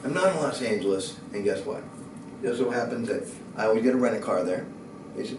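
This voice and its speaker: Animated male storyteller in echoey room. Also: lowish voice, fairly quick, long pauses, noisy background. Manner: lively, building to excited shouting and laughter. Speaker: speaker. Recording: echoey room from a distant mic.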